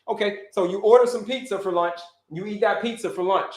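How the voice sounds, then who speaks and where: A man's voice: high-pitched, a little fast, few pauses. A man who grew up in Florida, hosting a casual live stream as a health coach, talking energetically, repeating himself and calling out to viewers. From Orlando, Florida. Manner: energetic, repetitive, calls out to viewers. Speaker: health coach and livestream host. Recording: echoey room.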